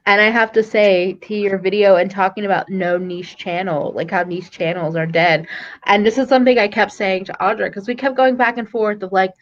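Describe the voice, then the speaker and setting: A woman's voice: medium pitch, steady tone, a little fast. Chatty woman on dull call audio. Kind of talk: casual chat.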